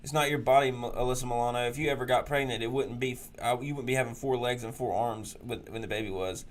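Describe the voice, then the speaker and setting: A man's voice: mid-range voice, steady tone, fast talker. A man hosting a political talk show, ranting crudely and mocking people in sneering put-on voices. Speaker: podcast host.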